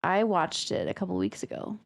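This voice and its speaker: A woman's voice: fairly low pitch, sing-song, vocal fry. A woman co-hosting a podcast, chatting casually and laughing often while talking about a story. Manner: unhurried, drawn out, laughs often. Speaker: podcast co-host.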